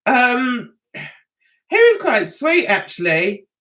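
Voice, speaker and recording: Older lady rambling on her livestream, bright voice, bounces up and down a lot. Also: on the high side, sing-song, extremely slow. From England. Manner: chatty, giggly, rambling. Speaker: livestream host. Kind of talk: casual livestream chat.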